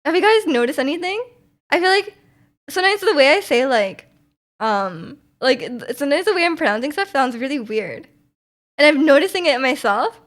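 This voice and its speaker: A young woman with a Canadian accent chats casually with her live viewers, her voice sitting a little high. She rambles from thought to thought, giggling and leaning on plenty of ums and likes. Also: expressive, normal speed. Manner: rambling, chatty, giggly, many fillers. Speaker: streamer.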